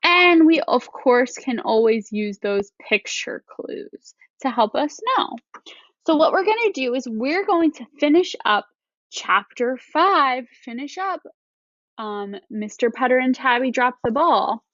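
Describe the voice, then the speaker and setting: A woman teacher giving a reading lesson to first graders, explaining each point slowly and clearly. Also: high-pitched, lively intonation, a bit bright, dry recording, highs cut off. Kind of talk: recorded reading lesson for young children.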